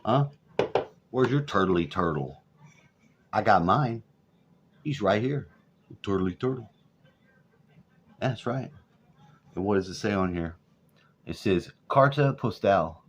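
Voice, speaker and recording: A man's voice: lowish voice, animated, takes it slowly, pauses often, slight background noise. A man over forty, ranting profanely and sarcastically in a rambling vlog. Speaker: vlogger. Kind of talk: profane political rant. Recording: dull lo-fi audio.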